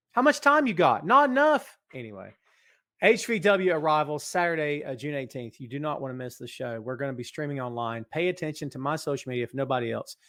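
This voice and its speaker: A middle-aged man hosting a live wrestling podcast from his office, reading out chat comments in an animated, hyped way. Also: mid-range voice. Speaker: podcast host. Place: home office.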